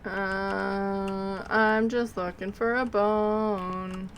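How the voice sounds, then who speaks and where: A woman's voice: mid-range voice, level tone, extremely slow, slight background noise, rough recording. A woman streamer talking casually to her viewers while she plays, rambling and sleepy, yawning between remarks. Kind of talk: casual live gameplay commentary.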